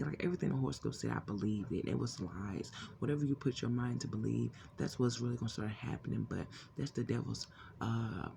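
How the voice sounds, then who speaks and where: A woman with a deep, gravelly fry and a dark, mellow tone tells her personal testimony. She rambles and restarts, slipping into the voices of the people in her story. A faint hiss sits under her voice. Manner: rambling, restarts often, acts out quoted voices. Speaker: vlogger sharing a testimony.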